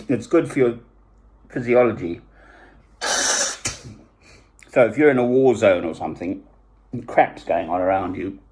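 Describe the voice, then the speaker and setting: A man with a husky voice, talking in a rambling, digressive monologue, self-deprecating and often chuckling. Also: lowish voice.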